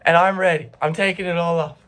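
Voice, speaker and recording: A man telling a personal story in a casual storytime vlog, animated, swearing a lot and breaking into laughter. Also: fairly high pitch, fast talker, noisy background.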